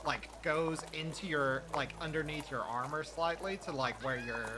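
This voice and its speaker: A man narrating a tabletop game as game master, chatty and quick to laugh, with many fillers. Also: on the high side, background noise.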